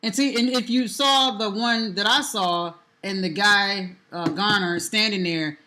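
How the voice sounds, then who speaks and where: Woman co-host, conversational, bright voice, mid pitch. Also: unhurried, slight background noise. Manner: conversational, explains at length. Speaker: podcast co-host. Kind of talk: casual chat.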